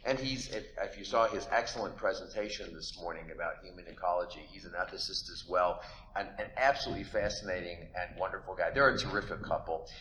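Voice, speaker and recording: Man, very low but bright and forceful, friendly conference intro; echoey hall. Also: fast, slight background noise. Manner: friendly, admiring. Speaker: conference presenter introducing a guest. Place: lecture hall.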